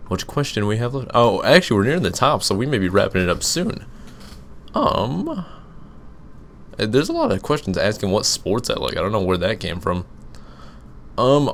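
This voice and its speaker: A young man with a slightly low voice chats casually through a gaming Q and A, rambling and restarting his sentences. A faint steady hum sits under his home mic recording. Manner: rambling, full of fillers and restarts. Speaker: gaming YouTuber. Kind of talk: casual Let's Play commentary with Q and A.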